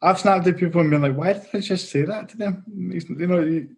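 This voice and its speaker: A man's voice: sits high, fairly quick, gravelly, darkish tone. A man hosting an interview podcast, agreeable and supportive, often affirming his guest. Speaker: podcast host. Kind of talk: conversational interview.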